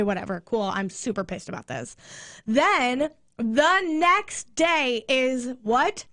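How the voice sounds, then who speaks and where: Woman radio host, angry venting, swearing, high voice, dry close mic. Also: a bit bright, dry recording. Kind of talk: casual chat.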